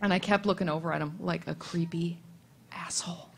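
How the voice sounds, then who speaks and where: A woman on a convention panel telling a self-deprecating story in a chatty way, with quick asides. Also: on the low side, steady tone, creaky, noisy background. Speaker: comics artist on a convention panel.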